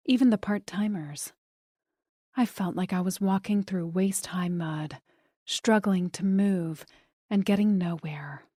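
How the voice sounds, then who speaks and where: A woman narrating an audiobook in a soft, hushed delivery. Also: mid-range voice, no room sound, studio quality. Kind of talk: scripted narration.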